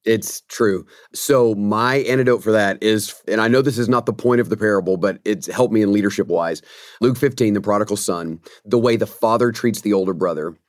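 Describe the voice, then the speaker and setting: A man's voice: lowish voice, brisk, no room sound, studio quality. A man who is a pastor and author, speaking as a podcast guest in an earnest, preacherly way. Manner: earnest, preacherly, emphatic about conviction. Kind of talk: podcast interview conversation.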